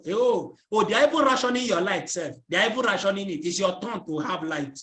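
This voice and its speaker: A man's voice: sits high, lively intonation, quick pace, few pauses, sharp tone. Nigerian man quizzing his audience, roomy sound. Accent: Nigerian English. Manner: drills the audience with repeated questions and fill-in-the-blank prompts. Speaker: network marketing trainer. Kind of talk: motivational training talk.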